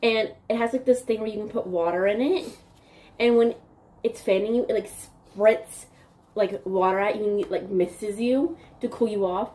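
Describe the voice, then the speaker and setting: Speaking at a moderate pace in a medium-pitched, slightly mellow voice, a young Newfoundland woman rambles and giggles through a casual vlog chat, leaning heavily on "like".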